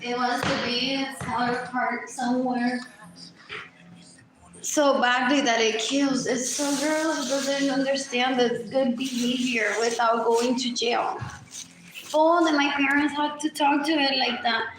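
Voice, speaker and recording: A woman's voice: sits high, steady tone, slow pace, reverberant, music in the background, low-quality recording. A woman livestreaming a rambling, repetitive monologue, muttering and switching between languages.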